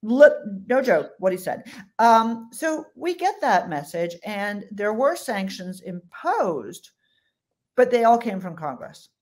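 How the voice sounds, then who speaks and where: A woman's voice: mid-range voice, sing-song, slow pace, a little mellow. A woman foreign policy commentator giving blunt, emphatic interview answers with colloquial put-downs.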